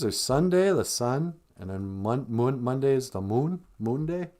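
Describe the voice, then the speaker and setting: This man's medium-pitched voice has a dark tone, and he talks a little slowly with few pauses, yet sounds very animated. As a live stream host from northern Minnesota, he keeps the chat casual, joking, rambling, and laughing frequently.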